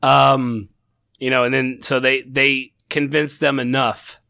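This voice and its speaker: A man's voice: medium pitch, level tone, slow pace, gravelly, sharp tone, no echo, studio quality. A middle-aged man co-hosting a casual TV review chat, rambling with frequent restarts and laughter. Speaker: podcast co-host.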